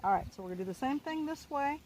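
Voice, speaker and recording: A woman riding instructor, calm and encouraging as she coaches a rider through an outdoor lesson. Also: high voice, racing, a little hiss or hum.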